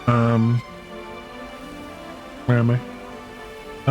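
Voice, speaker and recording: A man's voice: fairly high pitch, big pitch swings, unhurried, long pauses, faint music behind. A man streaming a game, making wry, profane asides between reading the dialogue. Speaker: gaming streamer. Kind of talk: casual commentary while reading game dialogue.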